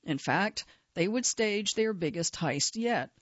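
A woman narrating a true-crime story in a measured, steady scripted delivery. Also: mid-range voice, no echo. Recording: slightly dull, dry studio sound.

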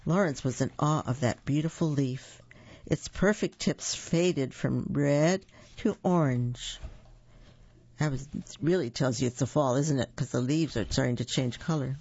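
Gravelly picture-book reader. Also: mid-range voice, unhurried, darkish tone, lo-fi sound. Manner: chatty asides to young listeners. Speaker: storyteller. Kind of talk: reading a picture book aloud.

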